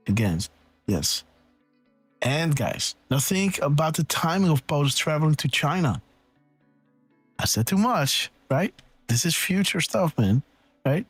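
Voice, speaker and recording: A man hosting a live decode show, rambling excitedly and thinking aloud, checking in with "right?" and "okay.". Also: on the high side, measured pace, pauses often, breathy edge, no room sound, soft background music. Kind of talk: casual live-stream commentary.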